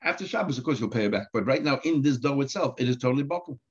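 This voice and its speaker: A man's voice: mid-range voice, animated, racing, breathy edge. A man teaching a Talmud page line by line, mixing Aramaic terms into English and asking rhetorical questions. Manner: asks rhetorical questions, repeats words while thinking. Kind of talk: daf yomi Talmud lesson. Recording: dull lo-fi sound.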